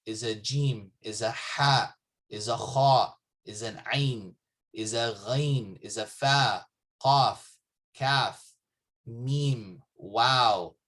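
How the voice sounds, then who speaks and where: A man teaching Arabic letters in a patient, repetitive manner, often checking in with "okay?". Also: medium pitch. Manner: patient, repeats words and checks understanding with "okay?". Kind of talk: slow classroom explanation. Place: mosque classroom.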